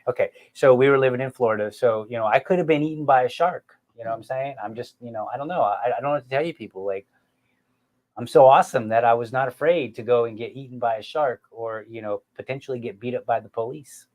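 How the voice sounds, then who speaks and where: Middle-aged guy hosting a podcast, animated storyteller, pokes fun at himself, talks right to the folks listening. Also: mid-range voice, fast talker, lo-fi sound. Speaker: podcast host. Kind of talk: casual storytelling chat.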